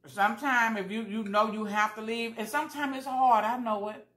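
A woman's voice: a little high, fairly even intonation, normal speed, a bit bright, roomy sound. A woman vlogger talking casually while she eats, chatty and repeating herself for emphasis. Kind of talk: casual mukbang chat.

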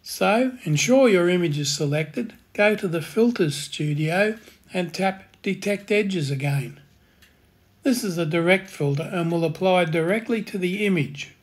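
A man hosting a step-by-step software tutorial, giving calm, plain instructions in a voice-over. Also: sits high, measured pace. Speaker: tutorial host.

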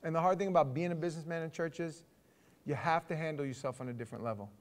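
Man, higher-pitched, informal church teacher who chats with the room and asks questions. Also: quick pace. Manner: conversational, restarts, asks the group questions. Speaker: Bible study leader.

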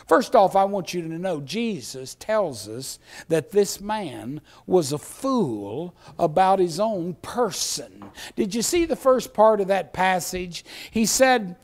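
A middle-aged male pastor preaching a sermon in a church, telling stories and acting out voices, swinging from hushed asides to shouting. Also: sits high, very animated, a little slow. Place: church sanctuary.

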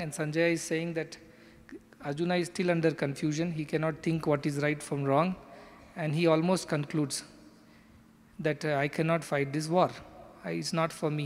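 Man, spiritual discourse, explanatory, slightly high voice, hall reverb. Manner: earnest, explanatory, acts out quoted lines. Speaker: spiritual teacher.

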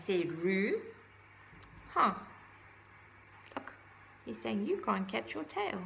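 A woman reading a children's picture book aloud, gently adding her own asides about the pictures. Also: mid-range voice, very animated, slow, gravelly, slight background noise, poor audio. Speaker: storybook reader.

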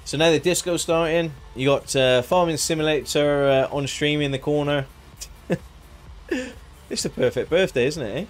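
A man's voice: a little high, normal speed, faint music behind. A man chatting casually on a live game stream, joking, laughing and thanking viewers by name.

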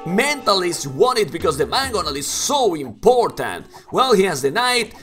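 Excitable bright-voiced male game caster. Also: sits high, normal speed, faint music behind. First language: Spanish. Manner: excitable, swings into shouts at big plays; non-native English with broken grammar. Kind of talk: live esports commentary.

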